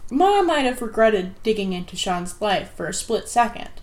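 A woman's voice: medium pitch, sing-song, normal speed. Woman reading an audiobook. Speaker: audiobook narrator. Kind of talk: scripted narration.

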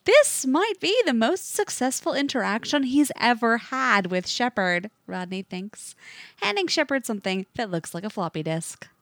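A woman narrating a fiction story aloud with an expressive, varied delivery. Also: a little high, moderate pace, few pauses, no room sound.

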